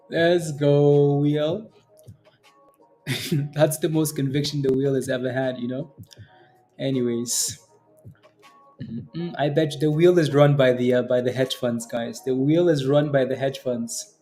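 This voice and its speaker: Excitable man calling live trades. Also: medium pitch, takes it slowly, pauses often, faint music behind. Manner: excitable, cheers on price moves, chants and laughs. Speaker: day trading livestream host. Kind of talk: live trading commentary.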